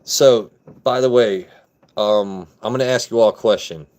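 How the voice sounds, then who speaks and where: A man's voice: fairly low pitch, normal speed, darkish tone. Laid-back joking male livestream host. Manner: laid-back, joking, chats with viewers by name. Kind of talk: casual chat with live chat viewers.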